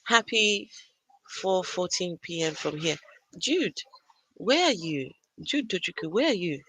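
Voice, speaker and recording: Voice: medium pitch, lively intonation, a little slow, fairly bright tone, slightly rough, no echo, poor audio. An adult parent hosting a casual live stream from a gaming arena computer, chatting and greeting viewers by name. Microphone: arcade computer, no camera.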